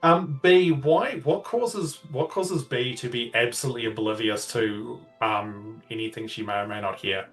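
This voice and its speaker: A man's voice: medium pitch, normal speed, hardly any pauses, far from the mic, faint music behind. Easygoing man running a tabletop game. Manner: loose, filler-heavy narration with laughs. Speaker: game master.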